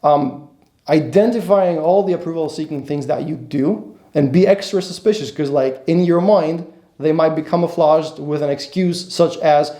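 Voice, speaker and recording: A man's voice: a little high, normal speed, warm tone, reverberant. A man coaching other men on dating in a blunt, emphatic monologue, repeating his points and swearing casually. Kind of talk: instructional monologue.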